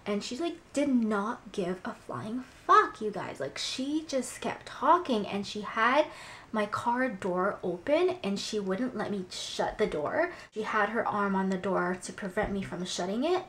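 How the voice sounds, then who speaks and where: A woman's voice: mid-range voice, expressive, a little slow, fairly bright tone, slight background noise. A young woman vlogging, agitated and swearing as she tells a story, with lots of "like" fillers. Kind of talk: casual vlog storytelling.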